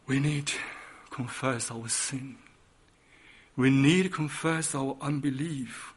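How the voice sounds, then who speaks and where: A man preaching a sermon with passion, swinging from loud emphatic peaks to hushed, quiet lines. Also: medium pitch, takes it slowly, slightly rough.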